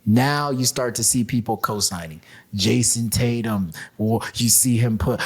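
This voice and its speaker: A man's voice: medium pitch, normal speed. A man co-hosting a casual podcast chat, talking emphatically and passionately, often repeating words when he gets worked up. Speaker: podcast co-host.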